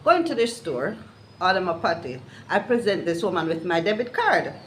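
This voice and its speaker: A woman's voice: on the low side, normal speed, rough recording. Older woman, casual rant, exasperated, retelling what people said, faint background noise. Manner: exasperated, animated, retelling conversations. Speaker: vlogger.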